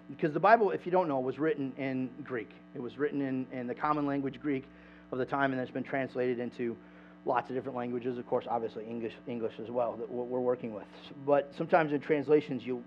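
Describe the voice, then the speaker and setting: A man preaching a sermon in a church, conversational and animated, asking the congregation questions. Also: on the high side. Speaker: pastor. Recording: dull lo-fi sound with mains hum.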